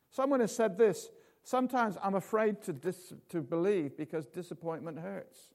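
Male preacher, chatty sermon, jokey asides, tag questions, fairly high voice. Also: normal speed, hardly any pauses, darkish tone. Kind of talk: informal sermon.

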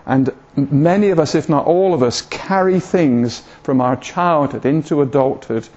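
A man's voice: fairly high pitch, moderate pace, a little mellow. Older man, rambling preacher. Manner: rambling, hesitant, self-deprecating humour. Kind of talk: informal sermon talk. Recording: dull lo-fi recording.

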